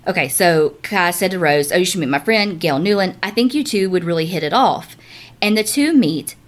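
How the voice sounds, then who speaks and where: A woman co-hosting a podcast, reading listener stories aloud in an animated, casual way, swearing now and then. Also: lowish voice, moderate pace. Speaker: podcast co-host.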